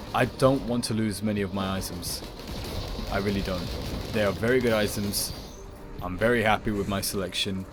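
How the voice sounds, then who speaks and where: A man giving playful commentary over his video game play, rambling and jokingly dramatic. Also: fairly low pitch. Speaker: gaming video creator. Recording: voice over loud game music.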